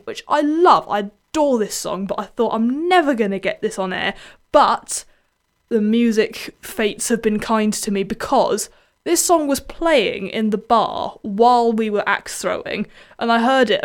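A young woman hosting a music radio show, chatting casually and self-deprecatingly between songs. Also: medium pitch.

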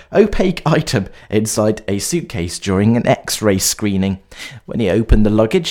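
A man's voice: medium pitch, a little mellow. A man hosting a light-hearted news segment, reading stories and adding joking asides with stumbles and fillers. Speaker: host.

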